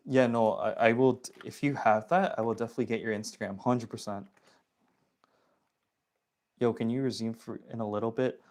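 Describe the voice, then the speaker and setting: Young guy, casual phone livestream host, slangy, chatty, reads out chat, mid-pitched. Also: fairly even intonation, brisk, pauses often, darkish tone. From Toronto area, Canada.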